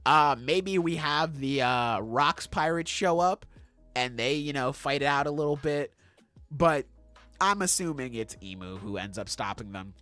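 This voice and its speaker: A man's voice: medium pitch, animated, unhurried, bright, forceful tone, dry recording, faint music behind. A young man hosting a podcast, chatting casually and acting out scenes with swearing and laughter. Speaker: podcast host. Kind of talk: casual chat.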